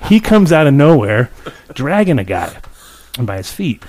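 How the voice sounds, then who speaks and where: A man's voice: medium pitch, a little slow, a little hiss or hum. Guy on a podcast telling a crazy story, swearing a lot, laughing as he goes. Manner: animated storytelling, swears freely, laughs mid-sentence. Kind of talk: casual podcast chat.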